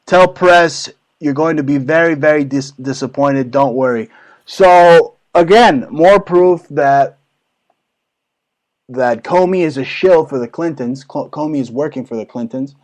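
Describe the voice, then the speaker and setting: A man's voice: a little high, a little slow, rough recording. A man hosting his own talk show, ranting crudely and mockingly about politics with heavy swearing. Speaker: show host. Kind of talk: profane political rant.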